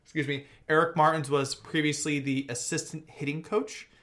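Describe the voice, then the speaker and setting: A man's voice: on the high side, moderate pace. Upbeat young man on a sports podcast. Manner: lively, joking, runs through news lists. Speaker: podcast co-host. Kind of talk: casual sports podcast chat.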